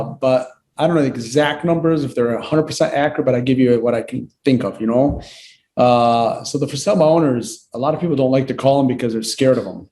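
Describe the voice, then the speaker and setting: Lively man with a mellow voice. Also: medium pitch. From Lebanon. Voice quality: acts out dialogue, repeats himself for emphasis. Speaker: real estate agent guest. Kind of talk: animated storytelling on a call.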